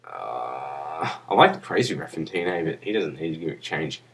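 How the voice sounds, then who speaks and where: Low-voiced young man rambling crudely. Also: animated, normal speed, vocal fry, fairly bright tone. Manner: crude, profane, off-the-cuff. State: drunk. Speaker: vlogger. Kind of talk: rambling casual monologue.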